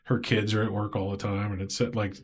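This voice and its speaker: Fast-talking Southern man hosting a podcast. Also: on the low side. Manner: rambling, animated, acts out quoted voices. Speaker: podcast host. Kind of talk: casual interview chat.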